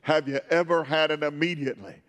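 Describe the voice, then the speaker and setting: Fervent older preacher in an echoing hall. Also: male voice, on the high side, fast. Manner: fervent, bursts into shouts. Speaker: pastor. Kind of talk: Pentecostal sermon.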